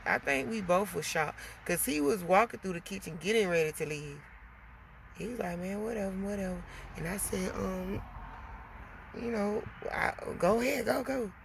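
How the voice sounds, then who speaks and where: Gravelly woman telling a wild story. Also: mid-range voice, slight background noise. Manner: animated, swearing, addresses viewers as girl and y'all. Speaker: vlogger. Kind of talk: casual storytime venting.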